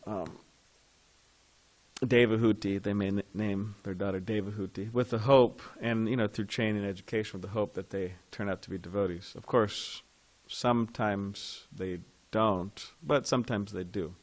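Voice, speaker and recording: A man's voice: lowish voice, steady tone, normal speed. A man teaching a devotional scripture class in a temple, talking in a loose conversational way and putting questions to his listeners.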